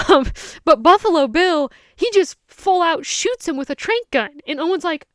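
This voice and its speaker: A woman giving a casual, animated film review, ranting and acting out characters' lines as she goes. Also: very high voice, moderate pace, no echo, studio quality. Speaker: movie reviewer.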